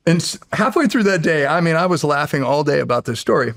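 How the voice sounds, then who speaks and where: A middle-aged man, a podcast guest, telling a story in casual, animated fashion, often laughing and restarting his sentences. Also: fairly high pitch, quick pace, vocal fry, few pauses. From United States. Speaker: podcast guest, former Navy SEAL.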